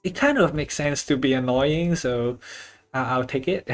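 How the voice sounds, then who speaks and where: Slow, rambling artist chatting while drawing. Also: medium pitch, soft background music. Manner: rambling, loose, many filler likes; swears casually. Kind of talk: casual chat while drawing.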